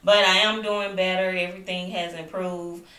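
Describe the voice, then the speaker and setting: A woman's voice: fairly low pitch, moderate pace, distant mic. A young woman vlogging at home, chatting animatedly about being sick while still recovering with a lingering cough. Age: young adult. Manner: chatty, animated retelling with asides to viewers. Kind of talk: casual storytelling to camera. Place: home, indoors. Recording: echoey room, voice off-mic.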